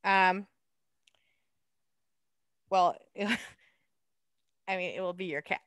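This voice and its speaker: A woman art docent leading a hands-on clay lesson, chatty and quick to laugh at herself. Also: on the low side, fairly even intonation, a bit bright, clear, resonant tone, dry recording.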